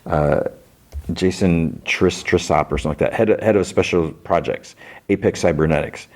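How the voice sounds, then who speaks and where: A man with a very low voice narrates a show's plot in a loose, chatty way. He keeps jumping into short character voices, then drops straight back to his relaxed recap tone. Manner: retells scenes with quick voice shifts for characters. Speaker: podcast host. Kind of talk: casual plot recap with acted quotes.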